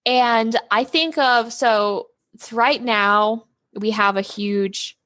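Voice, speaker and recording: A woman's voice: on the high side, takes it slowly, fairly bright tone, no room sound, studio quality. A woman co-hosting a casual podcast, listening eagerly with many affirmations and gushing about her nerdy interests. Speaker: podcast co-host.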